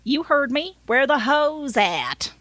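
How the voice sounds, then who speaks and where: A woman's voice: sits high, big pitch swings, slow pace, a bit bright, dry recording, pitched above the performer's own voice, full character voice. A woman voicing a pushy, crude, tipsy male taxi driver with a drawling Southern US accent. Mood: brash.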